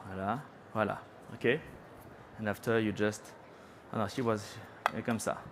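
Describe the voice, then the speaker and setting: The background is noisy as a middle-aged chef from France, speaking with a French accent, cooks live on a trade-show stage. His fairly low voice keeps a steady tone at a moderate pace, and he's chatty and playful, ribbing the audience and tossing in French words.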